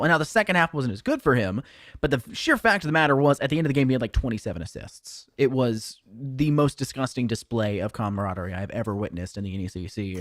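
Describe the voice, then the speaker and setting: A young man casting a collegiate esports match, excited and joking, sounding tired. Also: medium pitch, no echo, studio quality. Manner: excited, jokey, rambling. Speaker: esports caster. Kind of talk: esports commentary.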